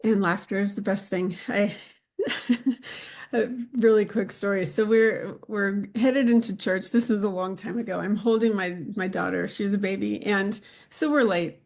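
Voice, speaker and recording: Middle-aged woman podcast host, mid-range voice, relaxed rambling storyteller. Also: mid-range voice, a little slow. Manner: relaxed, rambling anecdotes with laughs. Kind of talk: casual chat.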